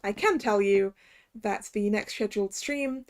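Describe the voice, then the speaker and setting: A woman's voice: medium pitch, a little slow. Chatty woman streaming a game. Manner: chatty, reads all dialogue aloud. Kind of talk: casual game playthrough commentary.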